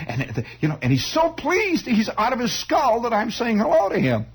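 A man telling a long personal story in a rambling, halting way, full of restarts and wry asides. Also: extremely high pitch, huge pitch swings, slight background noise. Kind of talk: comic spoken storytelling.

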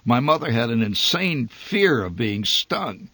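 A man's voice: mid-range voice, big pitch swings, a little slow, sharp tone, no room sound. A man narrating a humorous, nostalgic story in a wry storytelling manner.

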